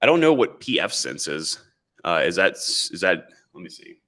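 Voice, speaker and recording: A man's voice: low-pitched, very animated, normal speed, fairly bright tone. A man hosting a casual livestream, reading chat comments and rambling sarcastically, calling his viewers boys. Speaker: livestream host. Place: indoors, standing in camera frame.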